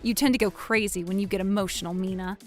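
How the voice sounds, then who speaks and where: A woman's voice: mid-range voice, fairly even intonation, fast, faint music behind. A woman narrating a dramatic story and voicing all its characters herself. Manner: dramatic, shifts between characters. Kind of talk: acted story narration with many voices.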